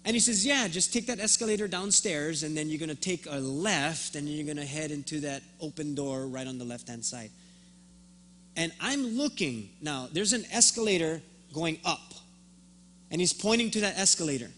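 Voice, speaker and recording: A man's voice: on the high side, animated, normal speed, a bit bright, a little hiss or hum. A man preaching a sermon as pastor, telling a story and acting out both sides of the conversation, often repeating words as he starts a thought.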